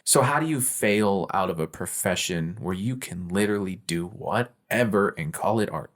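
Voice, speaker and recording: A man's voice: deep voice, expressive, normal speed. A young man co-hosting a podcast, chatting casually and joking, swearing freely. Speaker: podcast co-host. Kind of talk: casual chat.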